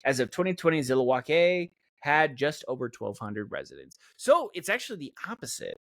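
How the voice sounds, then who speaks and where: A young man riffs through a comedy podcast with a slightly high voice that swoops wildly up and down. He swears freely and reads out facts between jokes. The sound is close and dry. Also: sing-song, normal speed, dry recording. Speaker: podcast co-host. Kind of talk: casual comedic banter.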